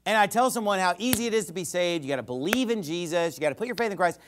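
A man's voice: sits high, animated, rapid-fire, fairly bright tone, a little hiss or hum. A male pastor preaching a sermon, acting out imagined speakers as he teaches.

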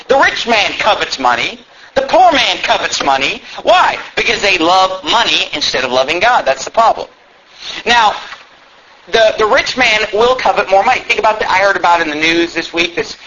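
High-voiced preacher delivering a sermon. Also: male voice, bright, forceful tone. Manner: emphatic preaching, rhetorical questions. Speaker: pastor. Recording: dull lo-fi with faint noise.

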